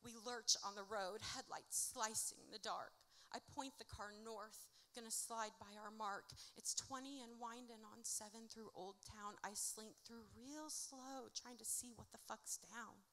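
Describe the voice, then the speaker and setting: A woman's voice: on the high side, fairly even intonation, measured pace, hardly any pauses, pushed and bright. A woman from Indiana performing rhymed spoken word live on a theatre stage, telling her story bluntly and with plenty of swearing. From Indiana, United States. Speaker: performing artist.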